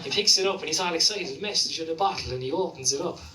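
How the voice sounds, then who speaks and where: A man's voice: on the high side, quick pace, reverberant, recorded from a distance, over a noisy crowd, low-quality recording. A man with a Limerick Irish accent doing a stand-up comedy set, rambling through sweary stories full of "like" and "you know". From Ireland. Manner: profane, rambling storytelling with lots of "like". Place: comedy club stage.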